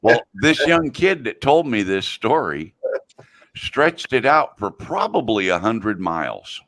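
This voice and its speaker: A man hosting a show, telling a long, drawn-out joke in a folksy, casual way. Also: medium pitch, big pitch swings, a bit bright. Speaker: host.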